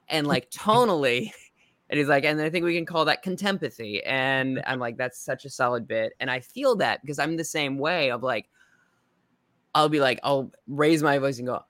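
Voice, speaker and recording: A man with a New York accent hosting a casual podcast chat, acting out quotes in a lively way. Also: mid-range voice, normal speed, no echo, clean studio sound.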